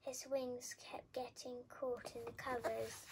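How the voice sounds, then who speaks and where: A woman reading a children's picture book aloud with expressive, lively storytelling. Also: fairly high pitch, slow, gravelly, heavy background noise. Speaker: storybook reader.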